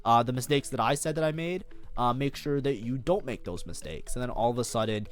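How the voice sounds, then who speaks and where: A man's voice: medium pitch, a little fast, faint music behind. A man reviewing his own match as a streamer, swearing freely, bursting into frustrated outbursts and blaming himself. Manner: self-critical, talks constantly. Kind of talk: casual gameplay commentary.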